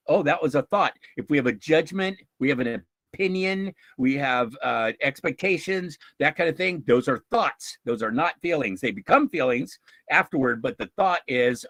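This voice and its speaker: A man from a nonprofit, giving an informal talk and answering questions in an animated way, with chuckles, restarts and acted-out quotes. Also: mid-range voice, no room sound, poor audio. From United States. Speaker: guest speaker from a nonprofit.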